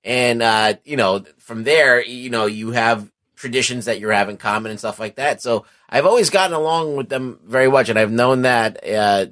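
A man co-hosting a casual podcast chat, relaxed and drawn out, trailing off quietly. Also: medium pitch, moderate pace, few pauses. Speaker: podcast co-host.

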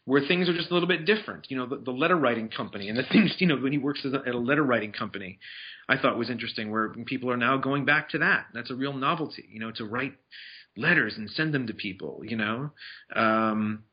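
A man's voice: mid-range voice, fast. A man talking casually about films he has seen, rambling with restarts and fillers. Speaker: film reviewer. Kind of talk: casual movie review chat. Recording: dull lo-fi sound.

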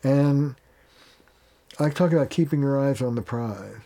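A man with a mellow, warm-toned voice talks as a family therapist being interviewed. He is plain-spoken and casual, and he slips into quoted lines of dialogue to make his points. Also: mid-range voice, measured pace. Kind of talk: conversational interview.

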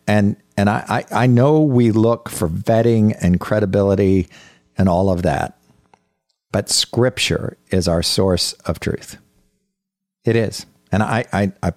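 Very deep-voiced man teaching scripture. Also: a little mellow, dry recording, studio quality. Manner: earnest, halting, frequent word restarts. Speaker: podcast Bible teacher. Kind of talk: conversational Bible teaching.

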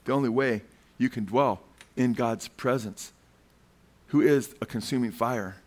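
A man's voice: medium pitch, measured pace, a little mellow. A male preacher giving a fervent sermon. He keeps calling his listeners "man" and puts questions to the crowd.

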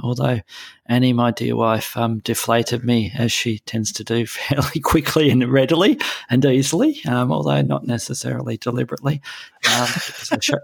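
Middle-aged guy cohosting, lots of ums and restarts, gravelly and a bit husky. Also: mid-range voice, no room sound, studio quality. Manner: hesitant, many ums and restarts. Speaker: podcast co-host. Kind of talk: casual chat.

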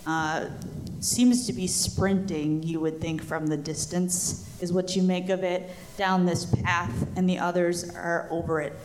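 A woman running a tabletop game as game master, narrating a live show at a convention in an unhurried way with hesitations. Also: lowish voice, level tone, a little mellow. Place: convention stage before a live audience.

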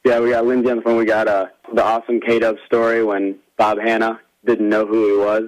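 Low-voiced easygoing male co-host. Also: flat delivery, fairly quick, poor audio. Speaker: show co-host and producer. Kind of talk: casual chat.

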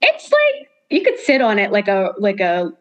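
Woman co-host, mid-pitch, giggly and halting, slightly dull lo-fi recording. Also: huge pitch swings. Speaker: podcast co-host. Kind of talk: casual podcast chat.

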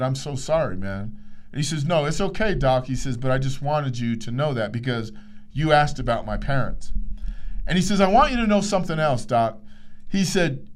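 A man hosting a podcast, telling a coaching story in an earnest, emphatic way and acting out the dialogue. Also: on the high side. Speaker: podcast host, coach educator. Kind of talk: motivational storytelling monologue.

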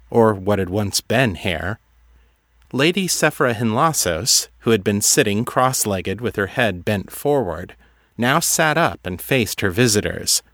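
Man reading a story slow and even, lowish voice, super dry close mic. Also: dry recording. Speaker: audiobook narrator. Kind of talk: scripted narration.

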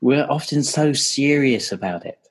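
A man's voice: medium pitch, animated, moderate pace. A man hosting a podcast interview, asking questions in an easygoing way and laughing readily. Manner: friendly, laughs easily, affirming. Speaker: podcast host.

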